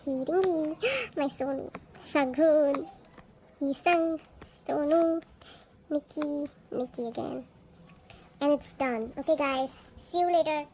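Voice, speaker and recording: A woman unboxing albums on a casual vlog, gushing excitedly and gasping at each card she pulls. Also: sits high, slow pace, slight background noise.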